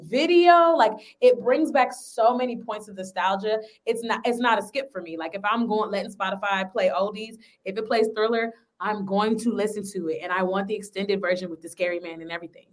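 A woman's voice: medium pitch, steady tone, fairly quick, few pauses. A woman singer guesting on a podcast, laid-back and joking in casual chat.

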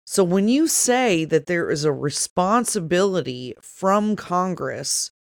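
A woman's voice: fairly low pitch, lively intonation, slow pace, gravelly, no room sound, studio quality. A woman co-hosting a political talk show, speaking bluntly and with scorn. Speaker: co-host.

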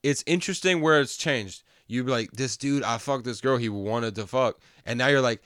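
A man's voice: medium pitch, moderate pace, fairly bright tone, smooth, no room sound, clean studio sound. A young man co-hosting a podcast, teasing his friend and joking during casual banter. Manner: teasing, jokey interjector. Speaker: podcast co-host.

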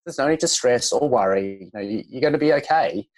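A man, a chiropractor guest on a podcast, speaking reflectively and telling a gentle story. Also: mid-range voice, animated, fairly quick, low-quality recording. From Australia. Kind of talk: relaxed podcast conversation.

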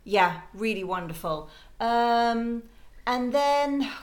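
A woman guest in a casual chat, telling lively anecdotes and acting out quotes. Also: fairly high pitch, slow pace. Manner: animated anecdotes with playful put-on quotes.

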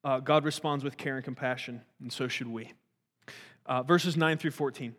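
A man's voice: medium pitch, normal speed, fairly bright tone, long reverb tail. A man giving a conversational Bible teaching, earnest and talky, with frequent restarts and rhetorical questions.

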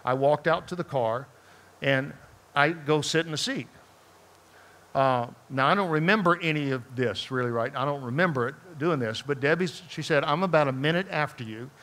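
Guy preaching in church, kinda high voice, animated story, keeps asking the people stuff. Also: moderate pace. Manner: animated, conversational, questions the audience directly. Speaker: pastor. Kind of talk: storytelling sermon. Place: church sanctuary before a congregation.

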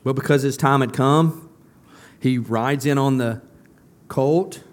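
A male pastor preaching a sermon, often asking the congregation questions and answering them himself. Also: takes it slowly. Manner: builds to a louder, higher emphatic close.

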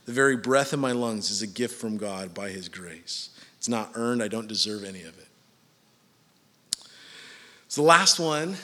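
A man's voice: medium pitch, sharp tone, in a large hall. A man preaching a sermon in a church, casual and joking with his listeners between points. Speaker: pastor.

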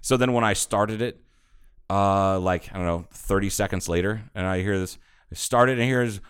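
Smooth low-voiced man telling stories. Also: fairly quick. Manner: animated storyteller, swears a lot, acts out quotes. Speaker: podcast co-host. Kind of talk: casual chat.

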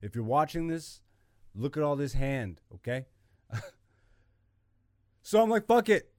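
A male podcast host ranting in a casual monologue, animated and profane, with exasperated loud bursts. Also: medium pitch, measured pace, dry recording, clean studio sound.

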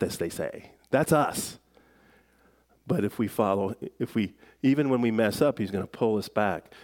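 A middle-aged man preaching a sermon in a relaxed, conversational way, with self-deprecating jokes and frequent fillers. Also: mid-range voice. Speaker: pastor.

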